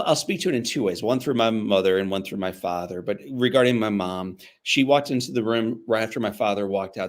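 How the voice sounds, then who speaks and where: A man who is a guest motivational speaker, telling a personal story in an interview in an earnest way, repeating phrases for emphasis. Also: fairly low pitch.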